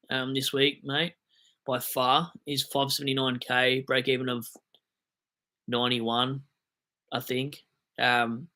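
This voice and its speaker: A young Australian man hosting a casual livestream, reading out viewer comments and answering them with rambling, self-mocking jokes. His voice is bright and forward, with a middle pitch.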